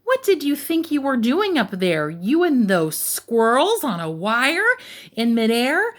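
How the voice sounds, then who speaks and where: A frazzled mother cat frets and wails in a high, worried voice, as a woman reads her lines aloud. Her pitch jumps all over the place. This is storybook read-aloud acting. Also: huge pitch swings, unhurried. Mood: scolding. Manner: wailing, fretful.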